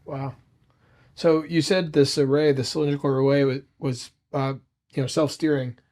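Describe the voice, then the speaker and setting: Man, mid-pitched voice, podcast interviewer, casual, curious questions. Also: little pitch movement, normal speed, a little mellow.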